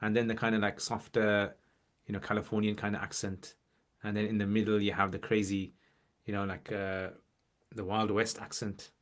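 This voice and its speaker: A man's voice: lowish voice, flat delivery, a little fast. A man in his forties with a slight chesty cough, hosting a casual livestream and answering viewer questions in a chatty, joking way. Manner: chatty and joking, scattering in religious Arabic phrases.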